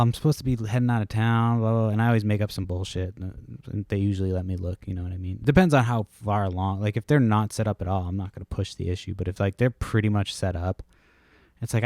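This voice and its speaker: Podcast host, male, low voice, dry close sound, rambling and profane, casual at-home delivery. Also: a little mellow, dry recording. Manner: rambling, profane, laid-back storytelling.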